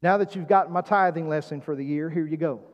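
A man pastoring a congregation preaches quickly in a voice on the high side, prompting call-and-response with calls and questions. The recording is muffled and has a long hall reverb.

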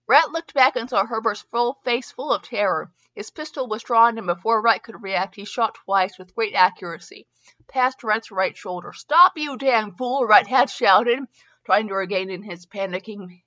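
A woman's voice: medium pitch, fairly bright tone. A middle-aged woman reading a story aloud, stumbling and restarting often on words, with a dull lo-fi sound. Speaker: fanfiction reader and podcast host.

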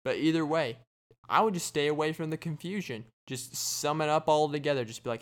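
A man hosting a podcast, giving a casual joking monologue in a deadpan way and acting out little imagined conversations. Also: on the high side, a little fast. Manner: deadpan, joking, acts out quoted exchanges. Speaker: podcast host.

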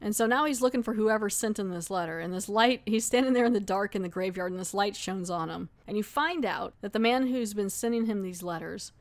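Woman podcaster doing a chatty laid-back episode recap, mid pitch, animated. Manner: chatty, animated retelling with laughs and quick acted asides. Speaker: podcast host.

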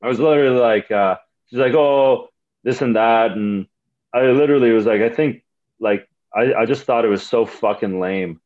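A man's voice: lowish voice, a little fast, muffled recording. A young man, a comedian telling rambling, profane stories in a casual podcast chat. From Canada. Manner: rambling, profane, animated storytelling. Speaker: comedian guest.

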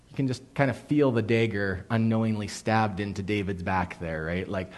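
A man preaching a sermon as a pastor, telling the story in an animated way, acting out quotes and dropping suddenly to a hush. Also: fairly low pitch, moderate pace, few pauses.

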